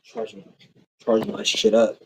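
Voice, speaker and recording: A man's voice: fairly low pitch, very animated, unhurried, gravelly, fairly bright tone, a little hiss or hum, rough recording. A man ranting to his camera in a blunt, rambling, heavily profane way, repeating himself as he goes. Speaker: vlogger.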